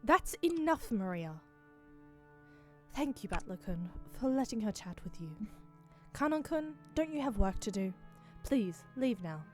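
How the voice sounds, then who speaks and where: A woman's voice: fairly high pitch, sing-song, unhurried, soft background music. A woman voicing a stern, stressed young mother giving curt orders.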